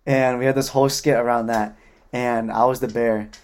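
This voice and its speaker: A young man co-hosting a podcast, laid-back in casual chat and lively when he tells a story. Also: mid-range voice, moderate pace. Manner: laid-back, animated when telling stories. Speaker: podcast co-host.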